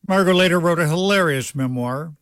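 A man's voice: on the high side, fairly quick, a bit bright, no echo. A male radio news host reading a scripted essay with wry, affectionate storytelling. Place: dry radio studio. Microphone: studio microphone.

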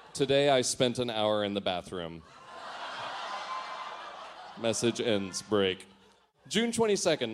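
In a mid-range voice, a man performs a comedic reading of his old teenage diary. He reads entries with mock-earnest drama, often laughing through them at his own expense and breaking off for sheepish asides.

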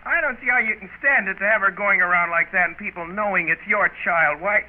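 A man's voice: sits high, a little fast, lightly acted. An actor playing a pompous, outraged teenage boy in a 1940s-style radio play. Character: indignant self-important teenage boy. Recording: tinny old radio recording with faint hiss.

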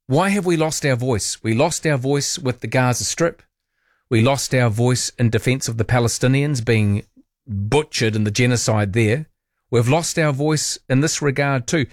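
A man's voice: mid-range voice, no echo, clean studio sound. A man hosting talkback radio, chatty and opinionated, musing aloud with playful asides.

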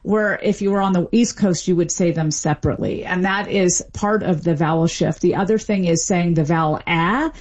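A woman answers interview questions in a measured, explanatory way. Her voice sits a little low, and she pauses now and then with small fillers while she thinks. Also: a little mellow. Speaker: dialect expert guest.

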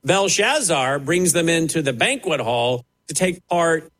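Brief: male TV preacher, slightly higher voice, very animated swoops, emphatic sermon delivery. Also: a little slow. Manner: emphatic, dramatic preaching with sharp rises and falls. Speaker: television preacher.

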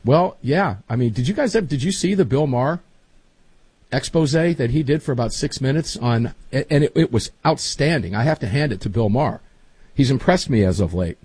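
A man's voice: mid-range voice, expressive, a little fast, darkish tone, husky, dry recording. A middle-aged man hosting a podcast, chatting casually and rambling with emphatic asides. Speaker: podcast host. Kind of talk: casual chat.

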